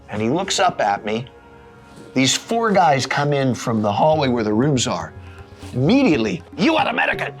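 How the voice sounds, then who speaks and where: A man telling a personal story in an expressive way, with dramatic pauses. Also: medium pitch.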